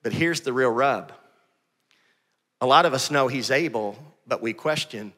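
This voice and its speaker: A man's voice: mid-range voice, normal speed, big-room sound. A man preaching a sermon as pastor, reading scripture and calling on the congregation. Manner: energetic preaching, reads scripture aloud. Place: church sanctuary with congregation.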